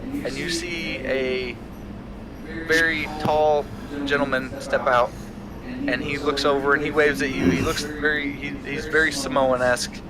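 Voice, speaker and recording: Man, game master, tabletop game narration, halting and restarting, loud crowd behind. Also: a little high, fairly even intonation, poor audio.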